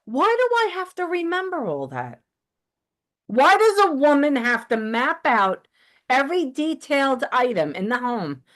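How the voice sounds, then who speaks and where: A woman hosting a podcast, ranting in a heated, profane, animated way in casual chat. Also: sits high, unhurried. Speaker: podcast host.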